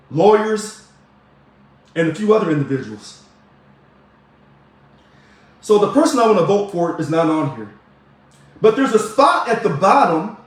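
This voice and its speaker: A man giving emphatic, preachy political commentary straight to camera while showing his ballot. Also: high voice. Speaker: video blogger. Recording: very echoey room.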